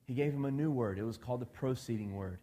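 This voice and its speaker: A man's voice: mid-range voice, quick pace, warm tone. A man preaches in a casual, conversational way, often turning to the congregation with questions and slipping into voices for the people in his story. His voice sits in a middling range and rings out with the long reverb of a big hall. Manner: conversational, asks the congregation questions, acts out quoted dialogue. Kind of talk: sermon.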